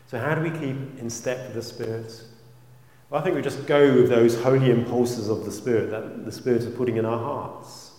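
A man preaching a sermon and leading prayer in a gentle, earnest way, often dropping very soft. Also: medium pitch. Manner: gentle, earnest, drops very soft on quoted phrases. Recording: roomy hall with long reverb.

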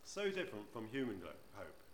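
A man's voice: fairly low pitch, sing-song, a little fast, a little hiss or hum. A man preaching a sermon in church, conversational, often asking the congregation rhetorical questions. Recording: roomy church echo.

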